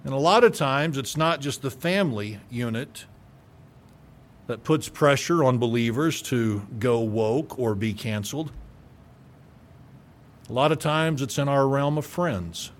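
A pastor preaching a radio sermon, forceful and emphatic, stumbling over repeated words as he builds up. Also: mid-range voice, lively intonation, unhurried, long pauses.

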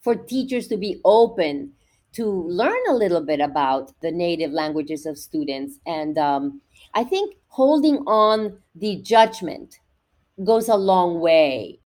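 Woman explaining at a measured pace. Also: on the low side, big pitch swings, darkish tone. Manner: measured, explanatory, with repeated restarts. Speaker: education researcher guest. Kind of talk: podcast interview, explaining.

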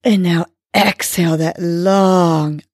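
A woman hosts a short morning wellness podcast, leading listeners through breathing exercises. Her voice sits a little low and unhurried, with slow, deliberate pacing. The sound is close and dry, with no room around it. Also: fairly even intonation, darkish tone, no room sound. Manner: slow, soothing, encouraging delivery. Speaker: podcast host. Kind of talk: guided breathing and motivational talk.

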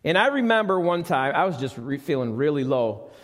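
A man's voice: fairly high pitch, very animated, a little fast, fairly bright tone. A middle-aged man preaching a conversational sermon in church, asking the congregation questions. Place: church sanctuary. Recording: live church recording with long reverb.

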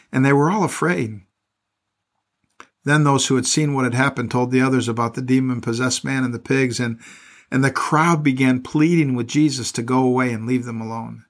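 A middle-aged male pastor reading scripture aloud and breaking off into plain, earnest commentary, often repeating words as he goes. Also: medium pitch.

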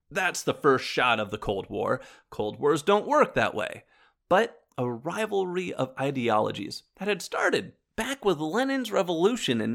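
A man's voice: a little high, gravelly, a bit bright. A man hosting a history show, narrating from a script and turning to his listeners with wry asides. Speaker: history podcast host.

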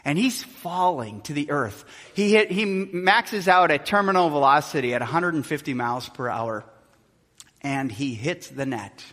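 A man preaching a sermon as pastor, animated, acting out shouts and quotes and dropping to a hush. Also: a little high, moderate pace. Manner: animated, acts out shouts and quotes, swings from loud to hushed. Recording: long hall reverb.

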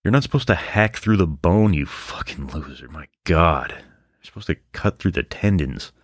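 A man's voice: low voice, lively intonation, normal speed, no room sound, studio quality. A man hosting a true-crime podcast, narrating the case and breaking off into sarcastic, profane asides. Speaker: podcast host. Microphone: microphone on a stand.

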